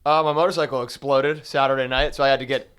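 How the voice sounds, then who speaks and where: Quick, smooth-voiced man, deadpan. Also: medium pitch. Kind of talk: casual chat.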